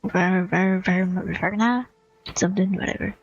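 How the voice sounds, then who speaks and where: A woman's voice: mid-range voice, moderate pace, creaky, slightly rough, dull audio. A woman streamer chatting casually over a game, offhand, laughing and swearing. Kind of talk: casual gaming chat.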